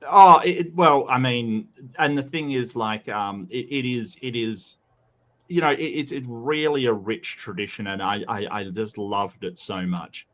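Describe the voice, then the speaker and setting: A man with a Western Australian accent and a medium-pitched, slightly bright voice talks a little slowly. He co-hosts a debate review in casual, rambling chat full of restarts and quoted asides.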